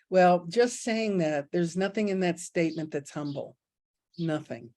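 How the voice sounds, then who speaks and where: A middle-aged spiritual teacher with a fairly low, darkish voice speaks unhurriedly in a casual talk. She's candid and self-mocking, sharing stories from her own life and laughing often.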